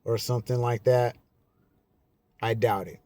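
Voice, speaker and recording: A man vlogger giving a casual, emphatic monologue to camera, slowing down and repeating his key lines. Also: mid-range voice, fairly even intonation, dark tone. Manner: slow, repetitive, emphatic.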